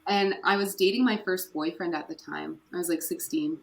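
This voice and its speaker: A woman's voice: on the low side, moderate pace, vocal fry, a little hiss or hum, low-quality recording. A woman from Canada, a podcast guest, candidly retelling hard personal memories in an earnest, conversational way. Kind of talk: personal storytelling interview.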